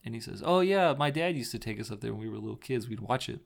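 A man co-hosting a podcast, casually retelling a TV episode scene by scene, slipping into quick quoted lines and laughing often. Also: on the low side, creaky. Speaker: podcast co-host. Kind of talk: casual chat recapping a TV episode.

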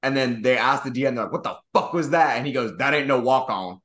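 A man's voice: medium pitch, fast talker, fairly bright tone. Rambling man in casual sports chat. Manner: rambling, profane storytelling with acted-out quotes. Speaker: podcast co-host.

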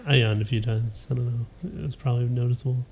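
A woman's voice: very deep voice, fairly even intonation, fast, darkish tone, slight background noise. A young woman co-hosting a podcast in easygoing, teasing casual chat, laughing often. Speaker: podcast co-host.

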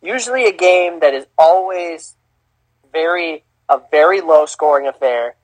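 A man hosting a casual sports talk podcast, animated and emphatic, swearing freely and restarting phrases. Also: fairly high pitch, unhurried, dry recording, rough recording. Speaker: podcast host.

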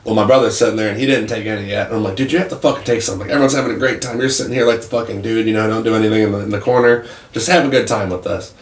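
Roomy, fast-talking young man telling stories. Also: on the low side, steady tone, distant mic. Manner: rambling storyteller, heavy swearing. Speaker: podcast co-host. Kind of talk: casual chat. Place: attic room. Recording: roomy echo, off mic.

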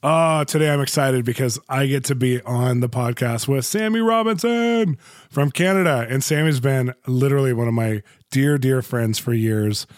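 A man's voice: mid-range voice, darkish tone, no room sound, clean studio sound. A man from the United States hosting an interview podcast, enthusiastic and joking, laughing often as he chats. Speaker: podcast host. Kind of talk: casual interview chat.

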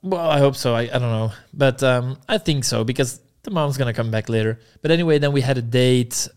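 A young man sits in as a podcast guest and spins a long story in relaxed, offhand chat. He curses freely and slips into other people's lines as he quotes them. His voice is smooth and clean, at an ordinary middle pitch. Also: a little fast. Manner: laid-back, swears freely, acts out quotes.

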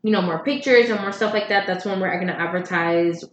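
A woman's voice: fairly low pitch, brisk, echoey room, slight background noise. Tipsy woman podcast co-host, chatty. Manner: tipsy, relaxed, many fillers. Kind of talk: casual chat.

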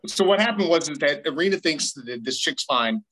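A man's voice: on the high side, lively intonation, brisk, a bit bright. A man in a casual podcast chat who cuts in to correct and fill in a friend's story. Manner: jumps in to correct and add to the story. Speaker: podcast guest.

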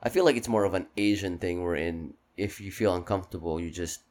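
A man in casual chat among friends, telling stories in an animated way and laughing often. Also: low-pitched, brisk.

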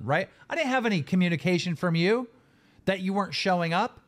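A high-voiced man vents on a live podcast stream, his pitch swinging all over as he grows exasperated. He swears often and hammers every point with emphasis. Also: expressive, fairly quick. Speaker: podcast host. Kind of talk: heated live-stream rant.

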